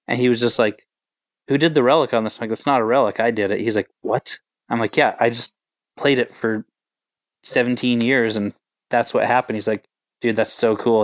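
Laid-back rambling guitarist, even smooth voice. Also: male voice, medium pitch, no room sound. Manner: rambling, laid-back, full of filler words. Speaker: touring band guitarist. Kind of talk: casual interview storytelling.

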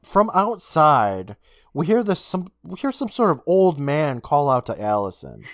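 A man co-hosting a casual podcast, retelling a TV episode scene by scene with swearing and quick character imitations. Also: fairly high pitch, dry recording, studio quality. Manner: animated, swears, mimics characters while recapping. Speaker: podcast co-host recapping an episode.

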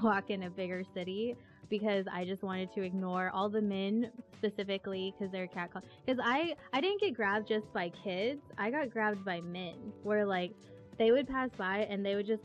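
A woman hosting a casual chat, animated and quick to exclaim. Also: medium pitch. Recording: dull, lo-fi audio with faint music.

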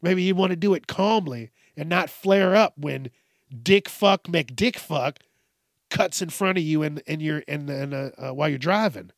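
A man's voice: a little high, moderate pace, hardly any pauses, no echo, studio quality. A man hosting a podcast, ranting crudely with constant swearing and mock voices for the people he quotes. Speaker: podcast host. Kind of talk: profane comedic rant.

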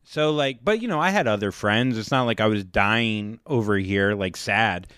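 A man's voice: on the low side, moderate pace, fairly bright tone, smooth, no room sound, studio quality. Joking young male podcast host. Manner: joking, rambling, many fillers. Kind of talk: casual chat.

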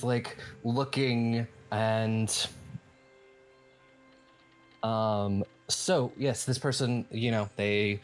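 A man narrating a tabletop game as game master, hesitant, with many fillers and restarts. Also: lowish voice.

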